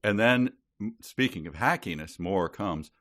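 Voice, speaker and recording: A man's voice: on the low side, animated, a little slow, a bit bright, dry recording. A man co-hosting a podcast, talking through an old book in a casual chat with dry, wry humor and easy laughter. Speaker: podcast co-host.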